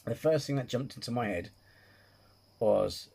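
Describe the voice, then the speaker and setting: A husky-voiced man riffs casually over spooky clips he's reacting to. He giggles at his own crude jokes and mocks himself, and his speaking pitch sits mid-range. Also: lively intonation, measured pace, dark tone. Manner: chatty, giggly, self-mocking crude humour. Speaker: reaction video host.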